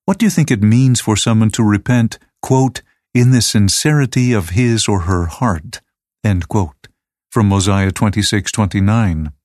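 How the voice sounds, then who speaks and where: A man reading aloud a teacher's lesson manual in a measured, even, scripted way. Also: on the low side, no echo, studio quality.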